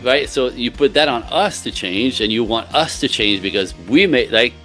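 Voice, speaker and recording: A man's voice: medium pitch, lively intonation, moderate pace, a bit bright, soft background music. A man speaking as a relationship coach in casual podcast talk, earnest and emphatic, often laughing between points.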